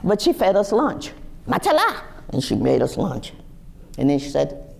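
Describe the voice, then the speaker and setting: A woman in her sixties telling personal stories to a live audience in a lively, animated way. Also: moderate pace, gravelly, a little hiss or hum. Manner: lively, animated storytelling with wide pitch swings. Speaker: guest speaker. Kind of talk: storytelling talk to a live audience.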